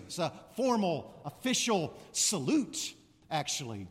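A man preaching a sermon with a high, lively voice that rises and falls a lot. He keeps it chatty and then suddenly proclaims loudly. The sound carries a long reverb, as in a large church. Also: a little slow. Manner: animated, conversational with sudden loud proclamations. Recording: reverberant hall.

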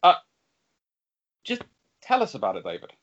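A man's voice: mid-range voice, huge pitch swings, normal speed, a bit bright, highs cut off, a little hiss or hum. A man co-hosting a podcast, rambling in casual chat and often restarting his sentences. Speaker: podcast co-host.

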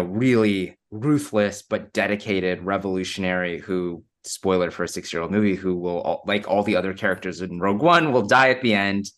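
Male podcast host, very low voice, thoughtful, explains at length. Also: a bit bright. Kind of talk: casual chat.

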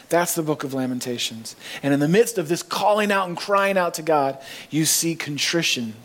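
Male pastor mid-sermon in church, earnest, lifts his voice on key phrases; a somewhat higher voice. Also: animated, moderate pace, a bit bright. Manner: earnest preaching, rising emphasis on key phrases.

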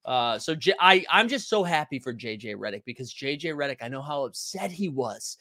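A young adult man hosting a casual basketball live stream, talking loud and animated and answering the chat. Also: mid-range voice, fairly quick, no echo, clean studio sound. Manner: loud, animated, yells often; reads and answers chat comments.

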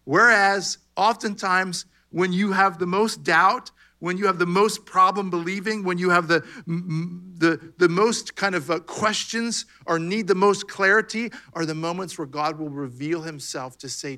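A man's voice: high-pitched, unhurried, few pauses, sharp tone. A man preaching a sermon in a conversational way, acting out bits of dialogue as he goes. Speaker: pastor.

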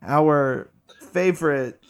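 A man's voice: fairly high pitch, takes it slowly, clean tone. A man co-hosting a podcast, introducing himself in easygoing chat. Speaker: podcast co-host and player. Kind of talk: casual chat.

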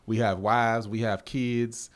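A man's voice: mid-range voice, level tone, takes it slowly. Laid-back joking man co-hosting a podcast. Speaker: podcast co-host. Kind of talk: casual podcast chat.

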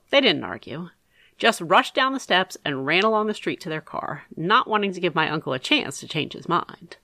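Woman reading a kids story, super lively pitch, bright, dry close sound. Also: moderate pace, gravelly, dry recording. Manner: expressive, animated. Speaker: audiobook narrator. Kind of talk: first-person storybook narration.

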